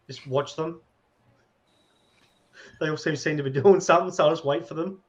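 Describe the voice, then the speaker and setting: A man with an Australian accent playing a tabletop game over voice chat, rambling and halting as he talks in character. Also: a little high, muffled recording. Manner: rambling, halting, self-amused. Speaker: tabletop player. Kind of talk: casual in-character role-play. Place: home room over voice chat.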